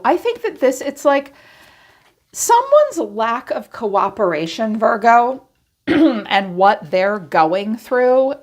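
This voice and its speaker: Chatty, blunt woman reading tarot. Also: a little high. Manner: chatty, blunt, swears freely, acts out quoted thoughts. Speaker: tarot reader. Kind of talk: casual tarot reading monologue.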